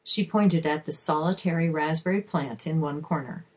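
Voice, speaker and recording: A woman reading a children's story aloud in a steady, expressive way. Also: low-pitched, normal speed, husky, low-quality recording.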